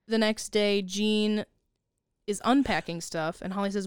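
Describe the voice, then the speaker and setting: Woman podcast co-host, smooth clear voice, dry close mic, chatty plot recap. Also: medium pitch, normal speed, dry recording. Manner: animated storyteller, laughs often, quotes characters. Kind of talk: casual movie recap chat.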